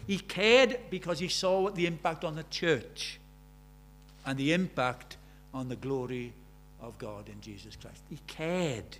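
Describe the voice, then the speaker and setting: A man's voice: sits high, lively intonation, moderate pace. A man in his seventies preaching a sermon, pressing his congregation with earnest rhetorical questions. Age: 70s. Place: church.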